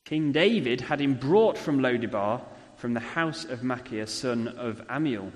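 A man preaching a sermon in a conversational way, often ending points with tag questions, recorded. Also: on the high side. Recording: long hall reverb.

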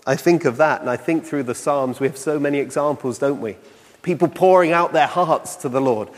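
A male preacher delivers a sermon with a slightly raised pitch. He speaks reflectively and asks question after question. His voice rings with the long reverb of a hall.

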